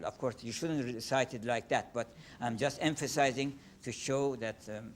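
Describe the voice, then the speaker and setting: A man's voice: mid-range voice, slight background noise. Older man, Persian-accented lecturer. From Iran. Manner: halting, many fillers and restarts. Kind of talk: lecture on poetry.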